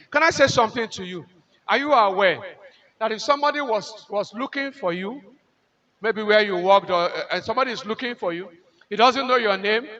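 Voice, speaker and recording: A Nigerian-accented man lectures in a very high, bright and forceful voice. He is emphatic, repeats his key lines slowly and keeps putting rhetorical questions to the audience. The sound is dull and lo-fi, like audio from an event video. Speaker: conference lecturer. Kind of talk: motivational lecture to nurses.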